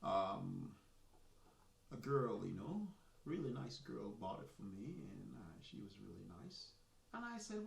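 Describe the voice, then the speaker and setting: A man's voice: mid-range voice, vocal fry. A man with a Jamaican accent hosting a soccer live stream, talking in a chatty, boastful, rambling way. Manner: animated, boastful, chatty with restarts. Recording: echoey room, mic at a distance.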